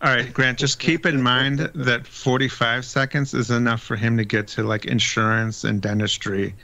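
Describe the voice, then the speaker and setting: A man co-hosting a podcast, asking quick, wry questions in casual chat. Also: mid-range voice, steady tone, sharp tone. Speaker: podcast co-host. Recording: lo-fi remote audio.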